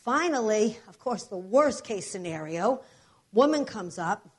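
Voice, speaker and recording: A woman preaching a sermon, telling healing testimonies with emphatic, animated storytelling and repeated declarations. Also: medium pitch, measured pace, husky.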